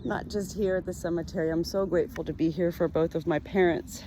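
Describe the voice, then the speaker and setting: A woman vlogging as she cleans a gravestone, speaking softly and reverently and addressing the dead directly. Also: fairly low pitch, steady tone, a little fast. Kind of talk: casual narration while working. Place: outdoor cemetery. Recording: noisy outdoor audio with passing traffic.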